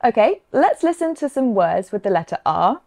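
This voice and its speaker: A woman from the south of England with a Southern English accent, explaining pronunciation clearly and encouragingly. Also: a little high, very animated, normal speed, darkish tone. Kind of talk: scripted lesson dialogue.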